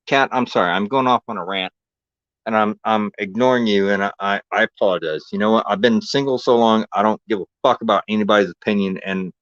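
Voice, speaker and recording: A man's voice: lowish voice, a bit bright, no echo. A man ranting in heated, profane casual chat as a podcast host, often stumbling and restarting his sentences. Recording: dull, dry lo-fi recording.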